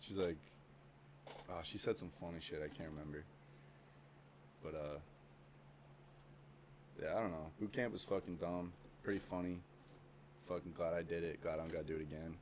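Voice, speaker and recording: Deep-voiced guy on a podcast, loose and profane, lots of likes and uhs. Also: fairly even intonation, moderate pace, long pauses, slight background noise. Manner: loose, profane, full of fillers and restarts. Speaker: podcast guest, former Marine recruit. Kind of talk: casual storytelling chat.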